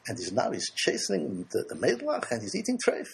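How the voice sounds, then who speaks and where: Fretful elderly woman, a man quoting her, gravelly voice, pleading. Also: mid-range voice, huge pitch swings, moderate pace, full character voice. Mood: worried. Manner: anxious, pleading. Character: worried old Jewish mother, fretful.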